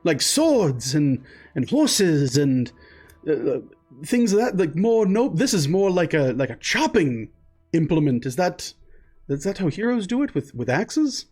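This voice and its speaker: A man's voice: a little high, sing-song, measured pace, darkish tone, breathy edge, faint music behind, voice pushed up, heavily acted. A man voicing an eager, polite young male recruit who stammers and speaks formally. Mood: flustered.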